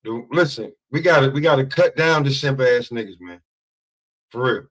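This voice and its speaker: A man's voice: mid-range voice, moderate pace, a bit bright. A man chatting casually as a co-host, laid-back and profane in his banter. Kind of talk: casual chat.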